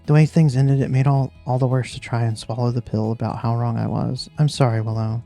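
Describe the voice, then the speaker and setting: A man's voice: medium pitch, level tone, fairly quick, mellow, soft background music, natural voice. A man voicing a blunt, proud woman who owns a record store, speaking bitterly in a story game.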